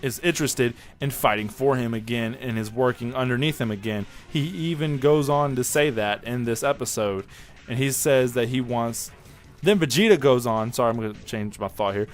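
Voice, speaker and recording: Excitable rambling male anime reviewer. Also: mid-range voice, moderate pace, soft background music. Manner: rambling and excitable, restarts and corrects himself. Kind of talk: casual spoken episode review.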